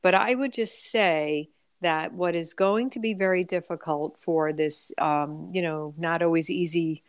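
A woman's voice: fairly low pitch, a little slow, clear, resonant tone, no room sound, clean studio sound. A woman columnist speaking as a guest on a radio talk show, thoughtful and full of hesitations. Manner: hesitant, many fillers and restarts. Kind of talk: radio interview.

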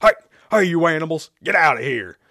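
A man voicing an angry old-fashioned farmer who yells at animals to get out of his barn. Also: fairly high pitch, animated, a little fast, dry recording, studio quality, voice pushed up. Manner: loud yelling. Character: angry barefoot farmer, shouting.

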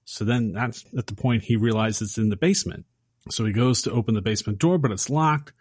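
A man casually recapping a horror film on a podcast, acting out the characters' lines with animated energy. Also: mid-range voice, fairly quick, dry recording, studio quality. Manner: animated storyteller acting out quotes. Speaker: podcast host.

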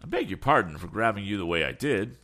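An eager young inventor with a brisk, raised, youthful voice that swings widely in a storybook as a man reads him out. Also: on the low side, sing-song, bright, forceful tone, pitched above the performer's own voice.

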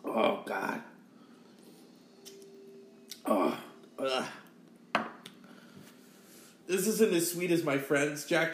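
With a sore throat, a male podcast host rambles on his own in a laid-back show, cursing freely and letting out sighs between sips. His voice sits on the high side and carries a reverberant echo.

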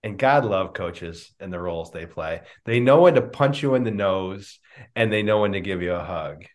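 Low-voiced man telling a story animatedly. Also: moderate pace. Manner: animated storyteller, acts out quoted dialogue. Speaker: guest, business coach. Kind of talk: storytelling interview answers. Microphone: remote video call.

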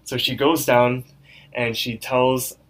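A man's voice: medium pitch, level tone, takes it slowly, poor audio. A young man co-hosting a podcast, casually retelling a spooky story and an episode, rambling with lots of "like" fillers. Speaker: podcast co-host.

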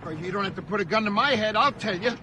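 A giggly old cabbie. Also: male voice, sits high, animated, fast talker, pushed and bright, a little hiss or hum, heavily acted, rough recording. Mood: jolly. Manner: laughing, garrulous, folksy. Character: cheerful chatty old male cab driver. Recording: film clip with music underneath.

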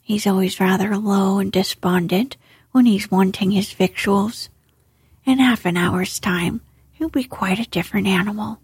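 A woman voicing a sensible, calm male water rat in a storybook, in whispered role-play, hushed and reassuring. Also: medium pitch, measured pace, slightly rough, no echo.

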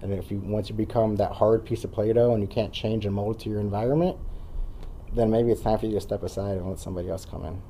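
A man's voice: on the low side, fairly even intonation, fast, mellow, a little hiss or hum. A man in his thirties, a guest talking earnestly in casual conversation and rambling with fillers.

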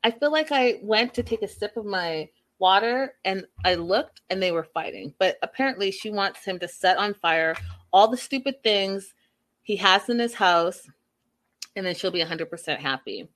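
A woman vlogger chatting casually and recapping a show in an animated, gossipy way. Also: medium pitch. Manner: animated, gossipy, speeding up and slowing down. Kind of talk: casual chat.

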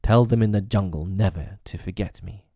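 A man's voice: sits low, moderate pace, dark tone, no room sound, clean studio sound. A man voicing a defiant young man-cub raised by wolves, with commanding, old-fashioned speech, in an audiobook reading. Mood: earnest.

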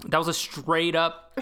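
A woman's voice: low-pitched, a bit bright, clean tone. A woman co-hosting a podcast, recapping a film in casual chat and acting out the characters' lines as she goes. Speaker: podcast co-host.

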